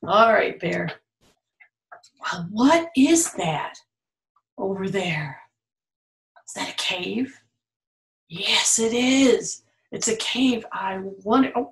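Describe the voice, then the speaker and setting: A woman reading a children's picture book aloud at a very slow, patient pace. Her voice sits at a middle pitch. She plays up the animal sounds and turns to her young listeners, and the room has a noticeable echo. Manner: playful, adds animal sounds and asides to the listeners. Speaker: storytime reader. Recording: roomy echo.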